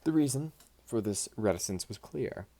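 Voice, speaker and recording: Male nonfiction narrator, very low and dark voice, lively intonation, measured delivery. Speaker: audiobook reader. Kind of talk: scripted nonfiction audiobook narration.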